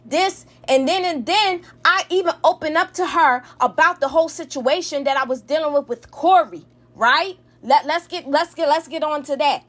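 Woman, 30s, high voice, heated, profane, rambling storytime rant. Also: normal speed, few pauses, a bit bright.

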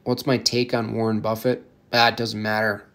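A man ranting provocatively in a casual comedic podcast style, rambling with halting restarts. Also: on the low side, little pitch movement, fairly bright tone.

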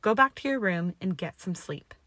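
A woman voicing a clever, defiant young woman with a quick temper, snapping back sharp retorts. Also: medium pitch, animated, dry recording.

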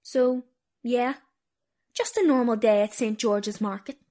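A woman's voice: a little high, steady tone, measured pace, warm tone. A woman podcast host performing a comedy sketch as a tour guide, theatrical and mock-indignant.

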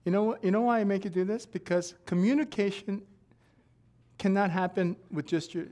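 A man preaching a sermon in a church, swinging from loud shouting to quiet joking asides with laughs. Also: sits high, moderate pace. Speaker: pastor.

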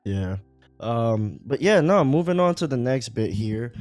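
Profane, animated male podcast co-host. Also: medium pitch, a little slow, faint music behind. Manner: profane, animated, frequent fillers. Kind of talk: casual political chat.

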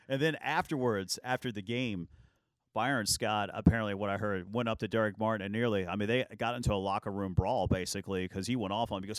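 A man hosting a sports talk show, telling lively basketball anecdotes and acting out what players said. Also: fairly low pitch, fairly quick, clean tone, no room sound. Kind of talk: casual sports storytelling.

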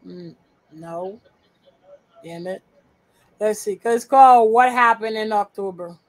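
A woman speaks a little slowly in a medium-pitched voice, co-hosting a casual podcast chat as she sorts on-screen files. She talks bluntly and profanely and mutters to herself, and the audio is poor.

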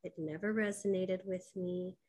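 A woman's voice: on the low side, steady tone, normal speed, a little mellow, a little hiss or hum, rough recording. A middle-aged woman telling a personal spiritual story, candid and emphatic, with fillers and quoted dialogue.

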